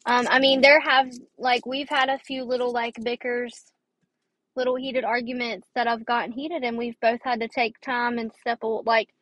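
A woman's voice: a little high, fairly bright tone, rough recording. A young woman hosting a casual advice podcast, rambling and tired with a dry throat. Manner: chatty, rambling, with fillers and restarts. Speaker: podcast host.

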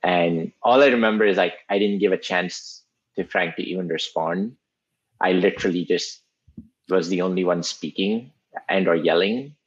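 A man's voice: deep voice, moderate pace, breathy edge. A man casually recounting a story on a podcast, rambling and self-conscious, often repeating himself. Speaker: podcast guest recalling a workplace clash. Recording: slightly dull, muffled sound.

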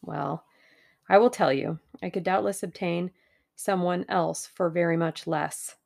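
A woman reading the part of a genial, persuasive middle-aged businessman with a scheme, in a low gravelly voice. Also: steady tone, measured pace, a little mellow. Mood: smooth, persuasive.

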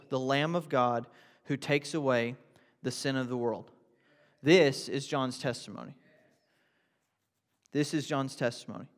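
A man delivers a sermon in a conversational style, firing off rhetorical questions and then hammering points home through repetition. His voice sits a little high for a man. The sound carries the long reverb of a big church hall. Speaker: pastor.

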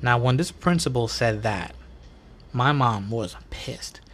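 A man hosting a podcast, telling stories in a casual, animated and profane way full of slang. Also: mid-range voice, slow, slight background noise. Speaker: podcast host. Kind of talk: casual storytelling.

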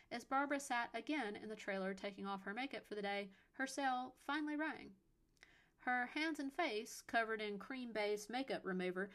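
A woman reads a short story aloud in a measured, steady storytelling voice. It is an audiobook-style narration. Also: fairly high pitch.

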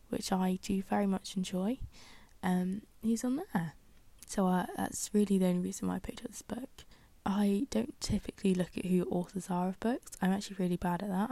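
Gravelly, rambling woman podcaster. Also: mid-range voice, warm tone, no echo. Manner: rambling, self-deprecating, many fillers. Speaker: podcast host. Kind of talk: casual solo podcast chat.

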